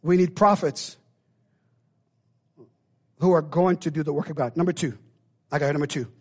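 A high-voiced man preaching to his church with big swings in energy. He acts out the lines of the figures in his story and rises at times to a near shout. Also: normal speed. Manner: animated, acts out biblical voices, builds to shouts. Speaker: pastor. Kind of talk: sermon.

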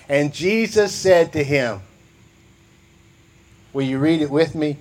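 A man's voice: fairly high pitch, unhurried, long pauses, a little mellow. A man preaching a sermon, reading scripture and repeating key phrases for emphasis. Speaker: pastor.

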